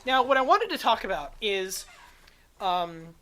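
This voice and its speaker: A woman's voice: mid-range voice, very animated, a little slow, a bit bright. A young woman co-hosting a casual podcast, chatty and rambling with lots of fillers, into a studio microphone. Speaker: podcast co-host.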